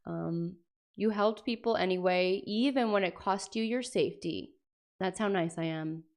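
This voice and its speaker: A woman's voice: mid-range voice, moderate pace, darkish tone. A young adult woman chatting casually on a livestream, reading aloud and reacting with jokey, sweary asides. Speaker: streamer.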